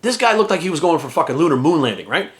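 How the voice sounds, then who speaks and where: Man, vlog rant, quick and profane, slightly high-pitched delivery. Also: big pitch swings. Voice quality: profane, heated and rapid-fire. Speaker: fitness trainer and vlogger. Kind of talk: ranting vlog monologue.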